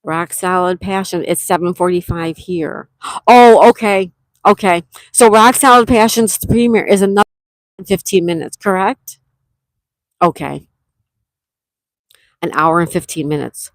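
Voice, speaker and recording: A woman's voice: lowish voice, measured pace, long pauses, no echo. A woman hosting a casual livestream, greeting viewers by name and reading their comments aloud while she talks. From Western New York. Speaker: livestream host. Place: campsite cabin.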